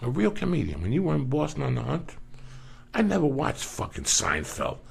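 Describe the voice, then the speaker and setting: A man telling stories as a comedian guest in a casual podcast, profane and animated. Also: medium pitch. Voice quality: gravelly. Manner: profane, animated, rapid-fire.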